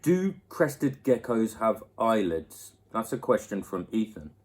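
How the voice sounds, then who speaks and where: Husky guy chatting playfully into his laptop at home, voice bouncing all over. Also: fairly low pitch, big pitch swings, slow pace, a little mellow. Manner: playful, laughs often, chats to a baby. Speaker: host answering viewer questions. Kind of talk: casual question-and-answer chat.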